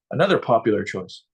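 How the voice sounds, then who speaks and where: A man with a low, husky voice talks through a hockey game in a relaxed, offhand live-stream chat. He drops dry asides between his opinions. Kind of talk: casual hockey watch-along chat.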